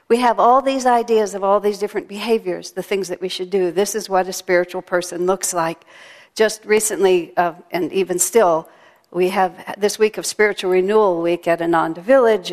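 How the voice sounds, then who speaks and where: A woman giving a chatty, storytelling sermon at a temple. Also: lowish voice. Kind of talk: sermon with a told joke. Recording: long hall reverb.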